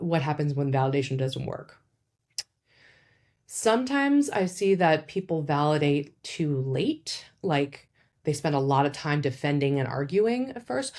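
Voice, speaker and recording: A woman with a notably low voice gives advice in a casual educational talk, sounding like a relaxed psychologist. She's chatty, with frequent fillers and little asides, and jumps suddenly in pitch when slipping into quoted speech.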